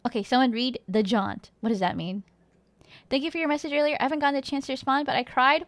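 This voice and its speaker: A woman's voice: sits high, steady tone, quick pace, dry recording. A woman streamer chatting casually with her viewers in a rambling, giggly way, reading chat aloud and humming now and then.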